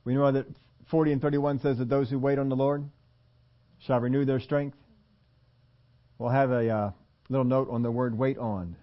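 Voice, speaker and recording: A man's voice: mid-range voice, fairly even intonation, normal speed, muffled recording. Conversational male pastor preaching. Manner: conversational preaching, acts out quoted voices. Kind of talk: sermon.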